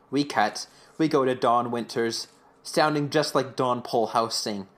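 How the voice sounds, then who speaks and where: A young man chats loosely on a fan podcast, retelling scenes in a rambling, filler-heavy way. His voice sits at a middling pitch. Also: normal speed. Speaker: podcast co-host. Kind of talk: casual fan podcast chat.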